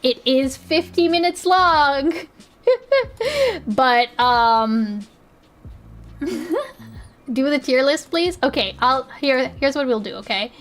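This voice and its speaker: A woman's voice: sits high, slow pace, pauses often, fairly bright tone, faint music behind. A young woman streaming live, chatting casually in a giggly, rambling way with lots of restarts. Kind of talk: casual livestream chat.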